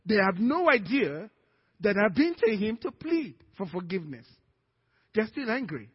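Male pastor, Nigerian accent, husky, lifts his voice high as he preaches; muffled lo-fi church recording. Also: normal speed, in a large hall. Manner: animated preaching, acting out quoted dialogue. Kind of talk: sermon. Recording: dull lo-fi sermon recording.

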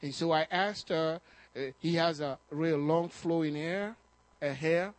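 High-voiced man preaching animatedly. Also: a little slow, no room sound. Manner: animated storytelling, repeats words, voice rises when excited. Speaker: pastor. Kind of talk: sermon with personal stories.

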